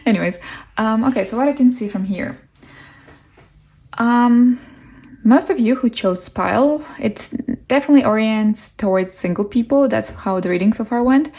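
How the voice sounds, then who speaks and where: A woman's voice: fairly high pitch, normal speed, mellow. A young woman with a non-native English accent giving a casual pick-a-card tarot reading, musing aloud with fillers and restarts. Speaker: tarot reader.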